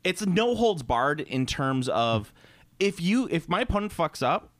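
A man chats casually on a podcast, his pitch a bit high and swinging widely as he rambles. He swears freely. The sound is dry and close. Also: big pitch swings, unhurried, dry recording. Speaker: co-host.

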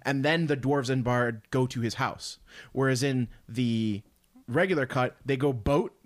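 A man in casual podcast chat about movies, animated and quick to mock outrage. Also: medium pitch, no room sound. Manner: animated, bursts into loud mock outrage and quoted lines. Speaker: podcast co-host.

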